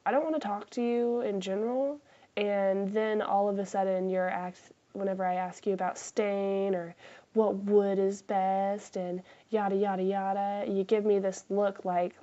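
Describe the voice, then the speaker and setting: A woman's voice: mid-range voice, little pitch movement, moderate pace, mellow, muffled recording. A woman chatting casually in a craft vlog, self-deprecating and swearing freely, sometimes dropping to a whisper. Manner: drops into whispers for asides. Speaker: craft vlogger.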